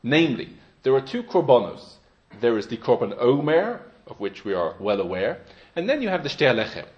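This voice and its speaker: A man delivers a Torah lecture at a medium pitch, measured and explanatory, with sudden emphatic stresses. The sound is slightly dull and lo-fi. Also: big pitch swings. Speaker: Torah teacher.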